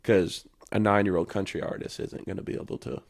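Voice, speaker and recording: A man's voice: lowish voice, fairly even intonation, a little fast, a little hiss or hum. A young man with a Southern US accent, a guest on a podcast, telling rambling stories and laughing often. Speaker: podcast guest, country singer. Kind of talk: casual podcast chat.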